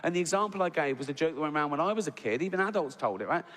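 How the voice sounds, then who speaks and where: A man's voice: on the high side, animated, racing, fairly bright tone. A middle-aged man doing a stand-up routine, swearing a lot and acting out both sides of arguments in raised voices. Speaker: stand-up comedian. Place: large theatre stage. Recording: live hall with reverb and audience noise.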